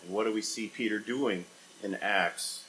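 A man preaching a sermon as a pastor, asking rhetorical questions and swinging between loud emphatic lines and quiet, low ones. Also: normal speed, slight background noise, low-quality recording. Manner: dynamic preaching with sharp swings in loudness and pitch, rhetorical questions.

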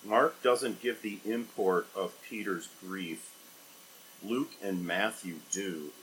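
A man preaching an expository sermon, rising to loud emphatic bursts and dropping to quiet, low scripture reading. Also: slow, a little hiss or hum, poor audio.

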